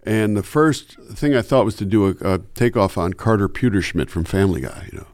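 A man who works as a radio announcer chatting as an interview guest in an animated way. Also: fairly low pitch, fairly quick, few pauses, dry recording. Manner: animated, chatty, slips into voices. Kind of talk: casual interview chat.

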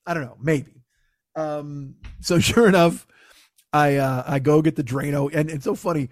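A man's voice: on the high side, steady tone, moderate pace, no echo, studio quality. A man casually telling a long, rambling, profane and self-mocking story to his co-host.

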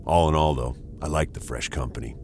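A man with a very low voice tells a first-person story in a scripted, dramatic way. His delivery grows tense and urgent, with a faint background hum. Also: a little fast, darkish tone. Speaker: narrator.

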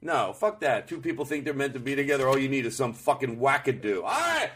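A man's voice: medium pitch, big pitch swings, fast, fairly bright tone, slightly rough. A man co-hosting a podcast, telling rambling, profane comedic stories in casual chat from a hotel room. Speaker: podcast co-host.

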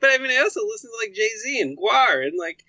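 A man's voice: sits high, expressive, fast, bright, forceful tone, dry recording, muffled recording. A man as an interview guest, chatting in a laid-back way full of "like" and "you know". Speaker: guest, game developer and musician. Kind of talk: casual interview chat.

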